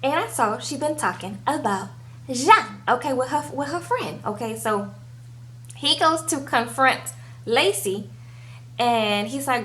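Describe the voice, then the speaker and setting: A woman's voice: high voice, animated, unhurried, pushed and bright. A young woman giving a casual recap of a reality TV episode, chatting away and tagging her sentences with "okay?". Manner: acts out the cast members' lines. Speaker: TV show recap vlogger.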